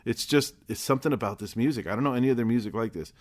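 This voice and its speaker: A man's voice: medium pitch, very fast. A man casually reviewing a live show for his vlog, talking in a loose, rambling way with the odd swear word.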